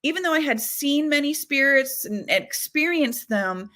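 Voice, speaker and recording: A woman guest on a talk show, a psychic medium telling stories in a chatty, animated way full of fillers. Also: high-pitched, unhurried. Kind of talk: casual storytelling conversation.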